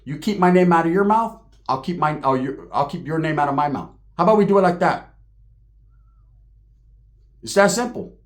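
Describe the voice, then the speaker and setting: Fired-up man ranting with a higher pitch. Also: lively intonation, normal speed, long pauses. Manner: profane, slangy street talk, confrontational. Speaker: online show host. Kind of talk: heated direct-to-camera rant.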